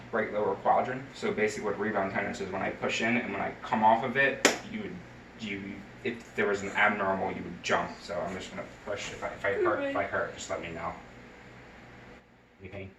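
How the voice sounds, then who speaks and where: A male nursing student walks through a head-to-toe health assessment step by step, with plenty of fillers and restarts. His voice sits on the low side with fairly even intonation, a little fast and fairly bright in tone. The distant mic gives a roomy sound, with slight background noise.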